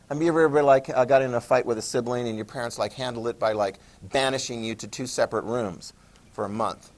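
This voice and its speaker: A man's voice: mid-range voice, fast. Guy teaching history in a classroom, jokey, keeps quizzing the kids. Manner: casual, joking, asks students questions. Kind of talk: classroom lecture.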